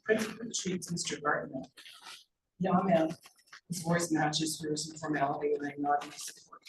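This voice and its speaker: Woman reading her novel aloud. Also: low voice. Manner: measured storytelling. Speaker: author. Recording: roomy, distant mic, faint noise.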